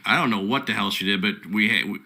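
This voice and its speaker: A man's voice: on the low side, fast, gravelly, bright, forceful tone. A man co-hosting a call-in podcast, telling crude stories and joking casually with callers. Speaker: podcast co-host.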